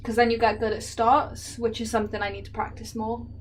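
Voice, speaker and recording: A woman from England whose accent has drifted Welsh, talking to her viewers as she paints. Her voice sits a touch high. She keeps it casual and chatty, breaking into laughs as she answers comments. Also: flat delivery, a little fast, a little hiss or hum. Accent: Welsh-tinged English. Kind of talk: casual chat while painting.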